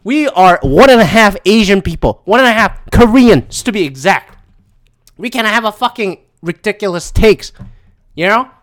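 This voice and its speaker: A man's voice: sits high, lively intonation, moderate pace. A man from Philadelphia hosting a solo podcast, ranting profanely and animatedly and laughing between thoughts. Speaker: podcast host.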